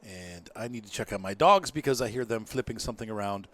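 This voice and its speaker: A man's voice: lowish voice, expressive, quick pace, fairly bright tone. Chatty man doing game commentary. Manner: chatty, self-mocking, mutters to himself. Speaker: gameplay commentator. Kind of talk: casual gameplay commentary.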